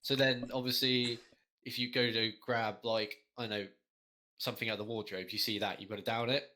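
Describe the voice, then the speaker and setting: A young podcast co-host rambles through stories in casual chat, swearing heavily and laughing often. His mid-range voice is sharp in tone, fairly quick, and shows little pitch movement.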